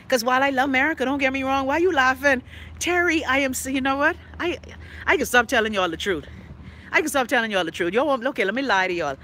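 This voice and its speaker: Outspoken Bahamian woman with a bright voice. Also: high-pitched, quick pace, a little hiss or hum. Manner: outspoken, profane, sassy, laughs often. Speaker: livestream host reading viewer comments. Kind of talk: casual live-stream chat.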